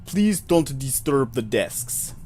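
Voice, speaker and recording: A man putting on a towering, eerie clerk with a faux Russian accent, who speaks slowly and with cool politeness. The voice sits at a middling pitch and drifts a little back from the mic. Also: big pitch swings, a little mellow, soft background music. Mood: coolly polite. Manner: slow, polite, deliberate.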